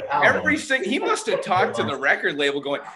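A man's voice: high voice, big pitch swings, fairly quick, over a noisy crowd. A man doing a self-deprecating, rambling stand-up set from his home over a video call, with chatty asides. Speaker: stand-up comedian.

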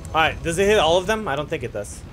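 A man with a high, very lively voice narrating his gameplay with excitable, profane commentary. He keeps reacting in exasperation, with faint game music playing behind him. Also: quick pace. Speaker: gaming video host. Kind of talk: let's play commentary.

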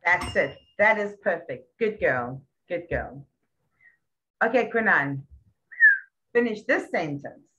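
A woman tutoring a young child one-on-one, patient and full of praise, repeating words slowly. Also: fairly low pitch, animated, fairly bright tone, highs cut off. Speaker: English tutor.

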